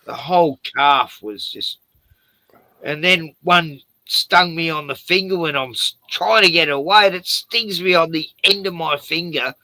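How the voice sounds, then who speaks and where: A man telling animated stories in casual chat on a stream, swearing freely. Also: fairly high pitch, unhurried, no echo, rough recording.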